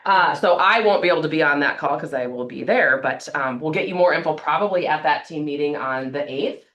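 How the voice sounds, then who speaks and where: A woman's voice: deep voice, brisk, a bit bright, muffled recording. A woman giving casual announcements to her team at a meeting, chatty and informal. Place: office meeting room. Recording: roomy echo.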